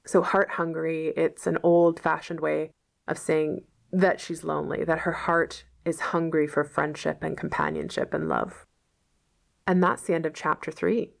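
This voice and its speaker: A woman reads a novel aloud as a lesson, pausing to explain old-fashioned words in plain, simple language. Her voice is fairly low with a noticeable creak. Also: level tone. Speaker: teacher reading a novel aloud.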